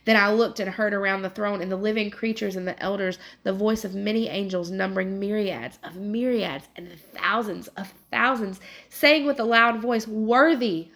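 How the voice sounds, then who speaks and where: Lady reading scripture then leading prayer, earnest and emotional, bit of vocal fry. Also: medium pitch, fairly even intonation, normal speed, hardly any pauses, fairly bright tone. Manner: earnest, emotional, with many restarts. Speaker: prayer leader.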